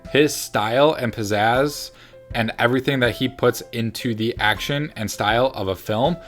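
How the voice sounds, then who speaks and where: A man in a relaxed movie-review chat, his voice sitting at an ordinary middle pitch. He talks eagerly and rambles, circling back and restarting his sentences. Faint music hums underneath. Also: normal speed. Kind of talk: casual chat.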